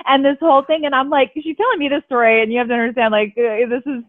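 A woman in casual chat, an animated storyteller who laughs often. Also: sits high, fast, no room sound. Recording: dry tinny phone-like sound.

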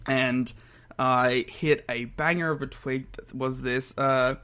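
A young man co-hosting a podcast in casual banter, laughing often and throwing in quick asides. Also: mid-range voice, fairly even intonation, bright, forceful tone, smooth. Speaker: podcast co-host.

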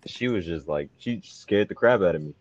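A young man in casual podcast chat, telling a bragging story and swinging into loud exclaiming. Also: deep voice, expressive, normal speed, highs cut off.

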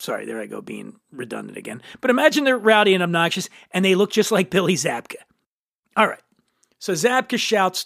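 Wry high-voiced man with a gravelly edge. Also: fairly bright tone, no echo, studio quality. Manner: wry, sardonic asides. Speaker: podcast host. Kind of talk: comic scripted storytelling.

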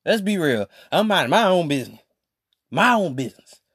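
A man's voice: fairly high pitch, big pitch swings, a little fast, fairly bright tone, breathy edge, no room sound, studio quality. A man hosting a podcast, telling a story to his listeners in a rambling, slang-filled casual monologue. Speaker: podcast host.

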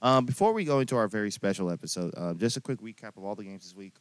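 A young man hosting a college esports show, giving an upbeat weekly recap with lots of shout-outs. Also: fairly low pitch, lively intonation, quick pace, no echo. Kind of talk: casual chat and weekly recap.

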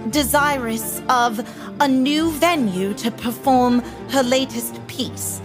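A woman voicing a flustered, hurried young noblewoman who stammers with Regency politeness. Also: high voice, over music. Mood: urgent. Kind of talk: actual-play character voice.

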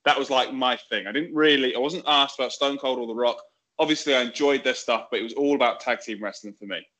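A man's voice: medium pitch, fast talker, pushed and bright. A man, a wrestler guest, talking in an enthusiastic, rambling casual way. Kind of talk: casual chat.

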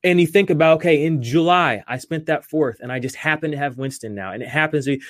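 A man's voice: fairly high pitch, fast talker, no echo. A man hosting a fantasy football podcast, talking casually and animatedly, with lots of fillers and restarts. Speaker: podcast host.

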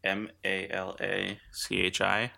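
A man co-hosting a podcast in a loose, joking way, full of stops and restarts. His voice is very bright and edgy and sits lower than most men's. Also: monotone, takes it slowly, gravelly. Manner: joking, hesitant fillers. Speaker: podcast co-host. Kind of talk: casual chat.

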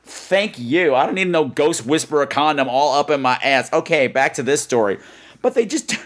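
A man hosting a podcast, telling a funny story with animated, exaggerated delivery and quick asides. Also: a little high. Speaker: podcast host. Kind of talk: comic storytelling.

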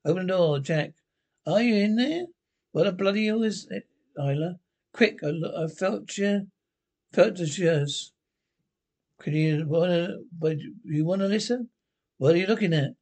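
A grumbling pensioner swaps sweary gossip about the neighbours. His voice sits slightly high and stays blunt and sharp-tongued. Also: measured pace, long pauses. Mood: gossipy. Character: grumbling older Glasgow pensioner, nosy and sharp. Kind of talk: TV sitcom acting.

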